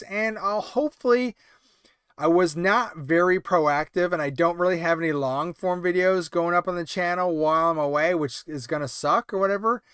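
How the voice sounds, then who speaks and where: A man's voice: high voice, a bit bright, clean tone, no echo, studio quality. Tired, rambling man hosting a livestream. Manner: rambling, halting, many fillers and restarts. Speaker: toy collecting livestream host. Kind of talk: casual late-night livestream chat.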